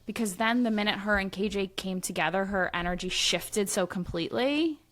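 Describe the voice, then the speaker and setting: A woman's voice: mid-range voice, fairly quick, a bit bright. A woman, a guest medium reading tarot, talking in a chatty, musing way on a casual podcast.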